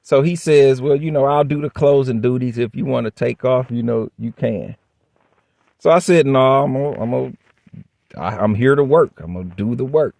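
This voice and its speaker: A man's voice: mid-range voice, moderate pace, vocal fry, a little mellow, dry recording. A man casually telling a workplace story straight to the camera, blunt and profane, acting out both sides of the dialogue. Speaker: vlogger.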